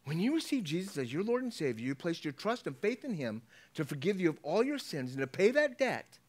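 A man preaching a sermon as pastor, animated, swinging between hushed asides and loud exclamations. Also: high-pitched, brisk.

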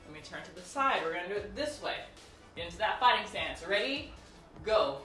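A woman with a mid-range, expressive voice, speaking a little fast, teaches a martial arts routine on video in an instructional tutorial. She counts out moves, cues students, and chats, laughs, and jokes with viewers between drills. The room is echoey, the mic distant, and faint music plays.

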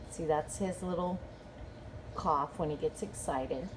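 A woman's voice: lively intonation, unhurried. Woman cooing baby talk to her pet. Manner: high sing-song baby talk to a pet. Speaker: pet owner. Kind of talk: talking to pets at home. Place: indoors at home. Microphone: handheld phone camera. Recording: noisy home phone video.

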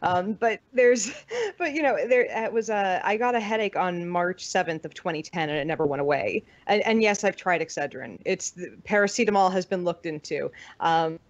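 A woman's voice: on the low side, lively intonation, moderate pace, no echo. Candid American woman, dry lo-fi audio. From United States. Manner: candid, swears freely, laughs often. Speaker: podcast guest. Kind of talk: casual chat. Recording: dull lo-fi podcast audio.

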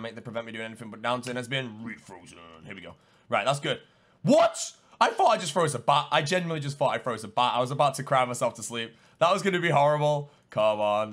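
Excitable gamer, lively and gravelly. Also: male voice, mid-range voice. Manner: excitable, swings between muttering and yelling. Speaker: gaming streamer. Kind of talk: live gameplay commentary.

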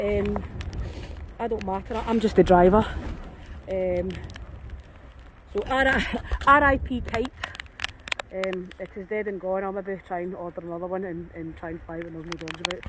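A woman's voice: medium pitch, moderate pace, pauses often, background noise. A woman, chatting to the camera on a cold, rainy dog walk, run down and self-mocking, laughing often. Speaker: dog walker vlogger. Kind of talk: casual outdoor vlog chat. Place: open field outdoors in cold rain.

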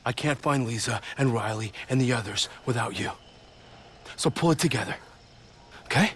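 Guy voicing a young guy leading his brother in a game, quick low orders, noisy game audio. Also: fairly bright tone, natural voice. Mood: determined. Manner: urgent, low commands. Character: determined young man leading a sibling.

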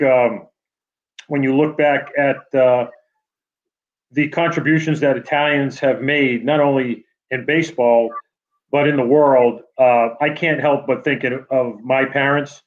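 A man with a New England accent giving an award acceptance speech over a video call, halting with many fillers and restarts. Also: mid-range voice, fairly even intonation, lo-fi sound. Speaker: award honoree.

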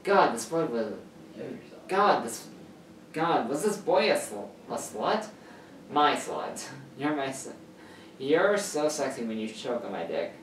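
Very low-voiced woman reading a story. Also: sing-song, slow pace, pauses often, distant mic. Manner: stumbling, self-correcting reading. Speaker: story reader. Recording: echoey room, off-mic, faint hiss.

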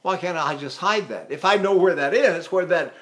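An older man with a high voice teaches singing at a moderate pace, chatting and poking fun at himself. This spoken vocal lesson is broken up by sung vowel demonstrations.

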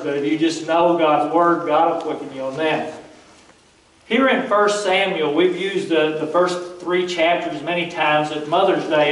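A preacher gives a sermon in a fairly high voice, retelling scripture in a folksy, conversational manner. Standing some way back from the microphone, his words echo through a reverberant church sanctuary.

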